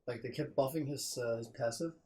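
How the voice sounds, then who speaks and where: A man's voice: medium pitch, dark tone. Man, casual gamer talk, stumbles and restarts, faint background noise. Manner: halting, many restarts and fillers. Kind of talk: casual gaming chat.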